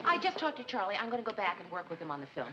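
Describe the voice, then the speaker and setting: An actress playing an earnest single woman newly in love, who talks eagerly and a little haltingly. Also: medium pitch, very animated, muffled recording, heavy background noise, natural voice. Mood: hurried. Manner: eager, halting, self-conscious.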